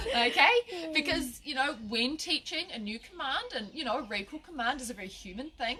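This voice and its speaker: She speaks briskly with few pauses, high-pitched, expressive, and sharp in tone. It's a casual, chatty dog-training lesson on a live video, with frequent restarts and laughter at her own slips. A phone or camera at a short distance serves as the microphone.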